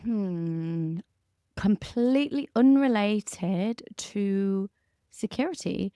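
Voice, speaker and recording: A woman's voice: mid-range voice, animated, very slow, dark tone, smooth, no room sound, clean studio sound. A woman with a mixed Irish and British accent, a security manager chatting candidly as a podcast guest. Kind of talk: casual interview chat.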